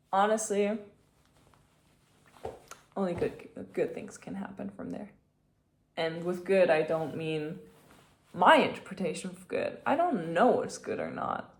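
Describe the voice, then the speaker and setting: Chatty woman telling a travel story. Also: fairly low pitch. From Austria. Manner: chatty, many fillers, animated retelling. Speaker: vlogger. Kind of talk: casual storytelling vlog.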